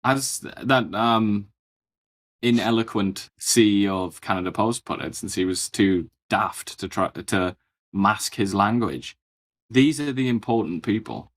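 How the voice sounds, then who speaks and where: A man co-hosting a political chat show, his voice on the low side. He delivers dry, mock-serious sarcasm. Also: a little slow. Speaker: co-host.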